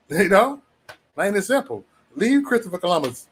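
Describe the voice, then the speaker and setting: A man's voice: high voice, sing-song, unhurried, a little hiss or hum. Loose, profane man hosting a livestream. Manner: loose, profane, laughing often, mimics others in raised voice. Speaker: livestream host. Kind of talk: casual livestream chat.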